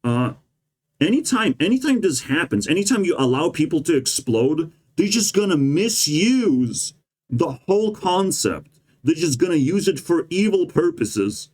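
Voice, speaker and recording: A man's voice: on the high side, big pitch swings, unhurried, a little mellow. Man ranting sarcastically in a vlog. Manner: profane, rambling, sarcastic. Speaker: vlogger. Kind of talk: ranting monologue.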